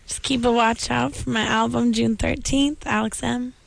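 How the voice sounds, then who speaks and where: A woman's voice: a little high, fairly even intonation, normal speed, vocal fry. A woman appearing as a guest on a radio show, giving hesitant, stumbling answers. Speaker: studio guest.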